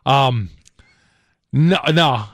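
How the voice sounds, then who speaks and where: A man's voice: mid-range voice, extremely slow, a bit bright, no echo, studio quality. A man co-hosting a sports talk radio show, chatting in a hesitant, self-deprecating way. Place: radio studio. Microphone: studio microphone.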